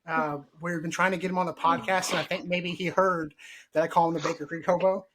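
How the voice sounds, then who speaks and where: A man's voice: a little high, flat delivery, fast, background noise. A man hosting a casual gardening podcast, joking and mock-formal. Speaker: podcast host.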